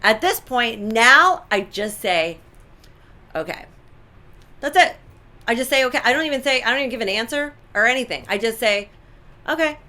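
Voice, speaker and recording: Bright, emphatic woman co-host. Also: fairly high pitch, fairly quick. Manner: animated, emphatic, repeats herself. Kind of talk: casual chat.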